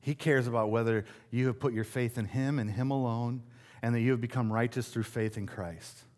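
A man's voice: medium pitch, steady tone, normal speed, darkish tone. A middle-aged man from West Michigan preaching a sermon in a conversational, self-deprecating way, asking the congregation rhetorical questions. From West Michigan, USA. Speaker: pastor.

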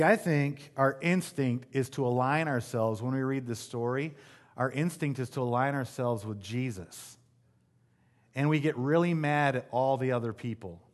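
A man preaching from the pulpit at a middle pitch, talking straight to the congregation. He is casual and emphatic by turns and throws in quick asides to the crowd. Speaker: pastor. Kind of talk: sermon.

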